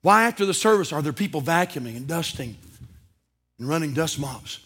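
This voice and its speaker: Man preaching, husky and a bit high-voiced, goes from shouts down to whispers. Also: expressive, a little fast. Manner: dramatic storytelling, swinging from shouts to whispers. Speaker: pastor. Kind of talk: sermon.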